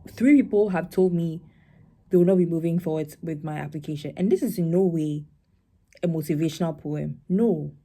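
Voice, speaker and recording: A woman's voice: normal speed, mellow. A young woman, a spoken word poet talking her audience through her poem in a reflective, conversational way. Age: young adult. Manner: reflective, conversational, acts out quoted voices in a higher tone.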